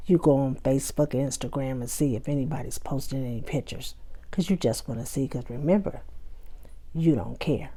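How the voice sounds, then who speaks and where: This woman hosts her own show and delivers a motivational talk in a low, rumbling voice that's brisk and warm. Her advice comes across conversationally, and she acts out everyday dialogues and scenes.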